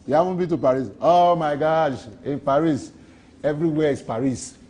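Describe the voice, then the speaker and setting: A man's voice: on the high side, normal speed, darkish tone, highs cut off, slight background noise. Rambling, joking Nigerian man. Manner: playful, rambling and boastful, with repeated phrases. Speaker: interviewee. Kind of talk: joking street interview.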